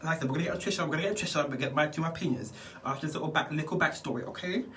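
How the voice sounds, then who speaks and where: A man's voice: a little high, racing, a bit bright, distant mic, a little hiss or hum. A man vlogging casually while doing his skincare, rambling and chatty and laughing often. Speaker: beauty vlogger.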